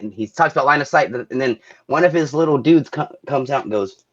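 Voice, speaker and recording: A man's voice: a little high, expressive, fast talker, dull audio. A man casually retelling a movie scene on a podcast, rambling and quoting lines with the odd curse word. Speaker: podcast host. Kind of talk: casual movie recap chat.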